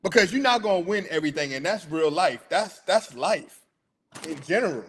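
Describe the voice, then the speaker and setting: A man's voice: high-pitched, lively intonation, moderate pace, a bit bright, slight background noise. A middle-aged man hosting a casual sports talk show, chatty and hyped, laughing often.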